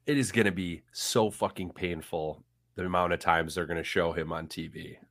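A man's voice: low voice, steady tone, normal speed, fairly bright tone, no room sound. A young man co-hosting a casual sports podcast, wry and mocking as he talks the team through. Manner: wry, mocking, slips into silly put-on voices. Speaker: podcast co-host.

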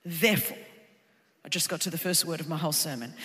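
A woman preaching a sermon, passionately building to shouts and then dropping low and close. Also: lively intonation, fast talker. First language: Greek heritage speaker of English. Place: church auditorium. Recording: reverberant large hall.

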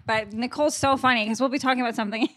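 A woman's voice: fairly high pitch, racing, a bit bright. A woman co-hosting a podcast, chatty in casual banter with dry asides. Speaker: podcast co-host.

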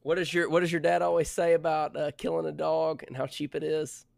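A man's voice: a little high, level tone, brisk, vocal fry, no room sound. A man co-hosting a casual podcast, delivering mock-serious, ranting opinions. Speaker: podcast co-host.

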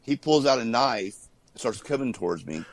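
A man, a former wrestler, telling stories in a casual interview, animated and laughing often while he acts out what people said. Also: medium pitch, moderate pace, no echo, poor audio.

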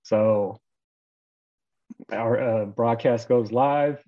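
A man's voice: mid-range voice, very slow, lo-fi sound. A man in his thirties from Florida, a guest author telling a story casually and animatedly, acting out the voices of the people in it, with many fillers. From Florida, USA.

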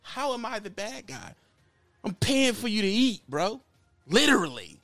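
Man, slightly higher voice, blunt mocking call-out rant, dry close sound, faint music behind. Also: sing-song, unhurried, bright, forceful tone, no echo. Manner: blunt and mocking, repeats lines. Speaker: YouTuber calling out another trucker.

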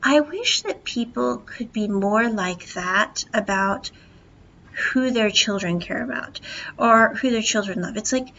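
A woman hosting a podcast, casually retelling and reviewing a TV episode in a chatty, animated way and acting out the dialogue. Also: fairly high pitch, a little slow, vocal fry, dull audio, slight background noise.

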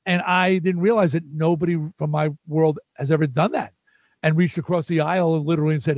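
An older New York man, a musician appearing as a guest, tells stories in a relaxed chat, lively and putting on voices for the quotes. His voice is on the high side and a bit quick, with no echo.

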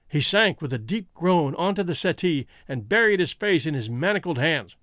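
A male narrator reading a classic mystery aloud in a steady, storytelling way. His pitch runs high and moves lively, and the close mic leaves it dry. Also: moderate pace, few pauses, no room sound.

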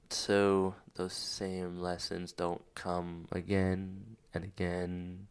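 On his personal podcast, a man with a low, clean-toned voice speaks candidly about what he's struggling with. He's emotional and near tears, rambling through many fillers in a reflective monologue.

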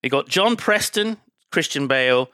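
A man's voice: fairly high pitch, expressive, moderate pace, sharp tone, dry recording. A man hosting a podcast, recapping a film scene in casual, sweary chat and acting out sound effects. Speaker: podcast host.

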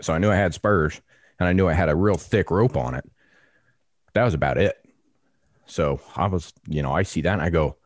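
Low-voiced guy spinning a yarn, lively and a bit cussy, dry close sound. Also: a little fast, long pauses, no echo. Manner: animated, salty, acts out voices. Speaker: podcast co-host. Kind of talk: casual storytelling.

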